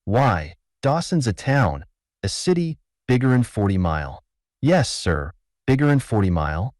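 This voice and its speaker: A man's voice: medium pitch, big pitch swings, measured pace, a little mellow, no room sound, clean studio sound. Guy putting on a shaky old frontier barkeeper, thin wobbly voice, folksy drawl, swings up and down a lot. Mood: amused. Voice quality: thin, aged, unsteady.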